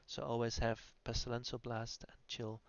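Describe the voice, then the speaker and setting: A man's voice: medium pitch, monotone, moderate pace, background noise. A man voicing over a video game class guide, explaining hesitantly with many fillers. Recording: dull lo-fi audio with faint music.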